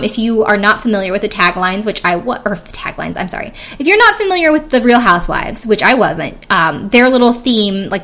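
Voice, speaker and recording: A woman's voice: mid-range voice, bright, forceful tone. A young woman talks casually, recapping an episode in a chatty way. She piles on filler words and asides and gives her own opinions freely. Her voice sits in an ordinary middle range. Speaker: podcast host recapping a reality show. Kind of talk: casual chat.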